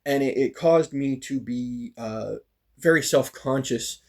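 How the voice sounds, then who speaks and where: Husky man telling a casual story. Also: mid-range voice, slow. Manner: animated, acts out quoted lines, frequent fillers. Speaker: storyteller recounting a fighting practice.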